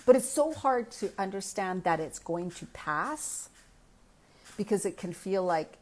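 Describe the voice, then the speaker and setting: A woman's voice: medium pitch, takes it slowly. A woman in her fifties, a midlife health coach, talking candidly in a casual live chat and answering viewer comments from her own experience. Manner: candid, chatty, speaks from personal experience.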